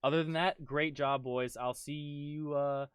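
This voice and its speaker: A man's voice: on the high side, steady tone, unhurried, clear, resonant tone, no room sound. A man running a tabletop game, talking casually and upbeat, often repeating himself. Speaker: game master. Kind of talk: wrapping up a tabletop game session.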